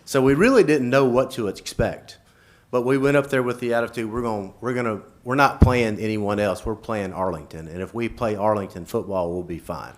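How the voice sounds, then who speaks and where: A man who coaches football, giving a halting, emotional speech at a school board meeting with nervous laughs. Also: fairly low pitch.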